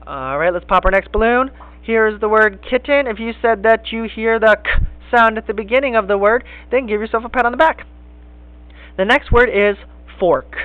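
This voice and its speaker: A man teaching a kindergarten phonics lesson, speaking slowly and encouragingly in sing-song teacher talk. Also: high-pitched. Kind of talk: recorded classroom phonics lesson. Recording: tinny phone-like lo-fi sound.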